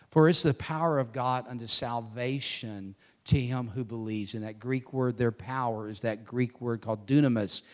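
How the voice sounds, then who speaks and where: A man preaching a sermon, swinging between loud emphatic declarations and hushed, intense passages. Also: medium pitch.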